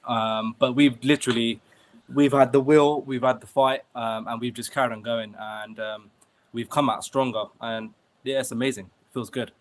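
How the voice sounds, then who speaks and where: Male guest, earnest and upbeat, mid-pitched. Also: fairly even intonation, normal speed. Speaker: guest, award winner. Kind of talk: casual interview chat.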